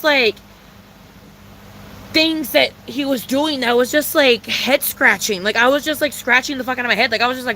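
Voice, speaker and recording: Young woman vlogger, high bright voice, dramatic profane storytime rant. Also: a little hiss or hum. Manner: dramatic, profane, heavy filler slang.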